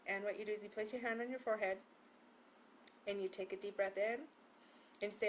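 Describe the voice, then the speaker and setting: A woman's voice: medium pitch, steady tone, brisk, dull audio, a little hiss or hum. A woman healer teaching a group how to set up a prayer ceremony, in a casual, rambling way with many fillers and restarts, from a room hung with prayer ties. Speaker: spiritual healer leading a group prayer session. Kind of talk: casual spoken instruction.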